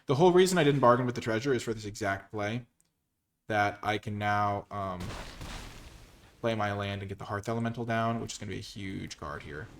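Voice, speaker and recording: A man commentating his own card game, switching between quiet muttered analysis and loud, mock-grandiose cheering. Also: fairly low pitch, a little fast, slight background noise. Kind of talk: gameplay commentary.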